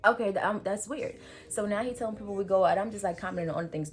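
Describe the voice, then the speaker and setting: A young woman in her twenties recounts a story for her vlog in lively, slang-heavy talk. Her delivery is casual and full of fillers at a middle pitch. Clear background music plays under her voice. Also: fast. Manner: animated, slangy, many fillers. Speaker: vlogger.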